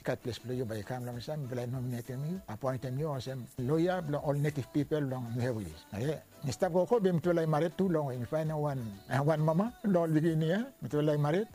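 An older man from Vanuatu with a Bislama-speaking ni-Vanuatu accent, slowly recalling his life in an oral history interview and mixing in English and French words. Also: fairly high pitch, dark tone. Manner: slow, searching, mixes Bislama with English and French.

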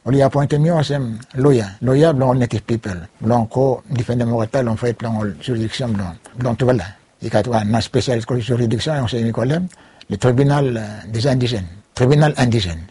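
In an interview, a man with a Ni-Vanuatu Bislama accent tells his life story haltingly, slipping among Bislama, English and French. His mid-range voice is warm and husky, and the recording is dry.

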